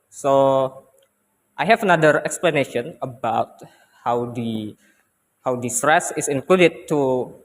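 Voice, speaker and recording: A man's voice: medium pitch, long reverb tail. A young man with an Indonesian accent giving a classroom presentation, hesitant and often repeating himself. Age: young adult. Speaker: student presenter.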